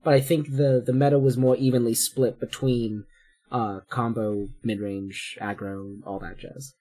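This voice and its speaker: Husky podcast cohost guy, even and measured, mid voice. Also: medium pitch. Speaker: podcast co-host. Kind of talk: casual podcast chat.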